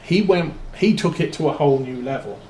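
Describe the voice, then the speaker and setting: A man's voice: on the high side, brisk, mellow, roomy sound, slight background noise, low-quality recording. A man streaming a game, telling a long rambling story with many fillers and restarts. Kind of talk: casual storytelling while playing a farming game.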